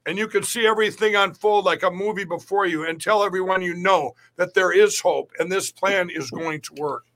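Middle-aged male guest, high and bright-voiced, rambling, emphatic, restarts a lot. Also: brisk, hardly any pauses. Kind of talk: podcast interview talk.

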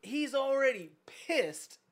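A young man casually telling a story as a guest, animated and laughing often, with plenty of swearing and fillers. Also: very high-pitched, slow pace.

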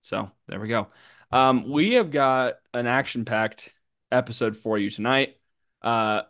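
A young man hosts a podcast in a playful, teasing way and draws out his words. His voice sits at a middle pitch. The sound is dry and close, with no room echo. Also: clean tone. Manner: playful, teasing, drawn-out delivery. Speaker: interim podcast host. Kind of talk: casual podcast hosting.

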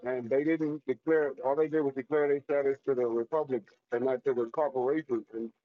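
A man calling in to ask a question, speaking hesitantly with many pauses. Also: medium pitch, steady tone, no room sound. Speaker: caller. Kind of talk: call-in question. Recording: tinny dry phone line.

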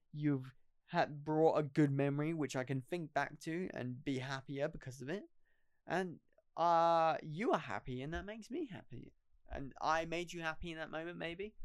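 A man's voice: fairly high pitch, clean tone, no echo, studio quality. A young man hosting a casual solo podcast, rambling and poking fun at himself. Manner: rambling, self-deprecating, laughs at himself. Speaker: podcast host.

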